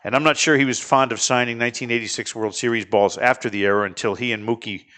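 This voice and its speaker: A middle-aged man hosting a casual talk show, telling lively stories and chatting with his guests. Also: medium pitch, fast. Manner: chatty, animated anecdote teller. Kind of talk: casual studio chat and storytelling.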